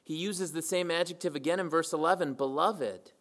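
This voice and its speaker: A man's voice: on the high side, a little fast, a bit bright. A man preaching a sermon to his church, emphatic and repeating key phrases for weight. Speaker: pastor.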